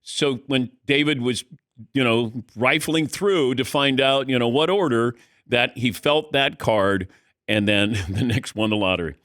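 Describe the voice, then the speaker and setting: A man's voice: mid-range voice, measured pace, no room sound. A middle-aged man hosting a sports talk show, telling stories in casual studio chat, acting out quotes and laughing as he goes. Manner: animated storyteller, acts out quotes, laughs mid-sentence. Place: radio studio.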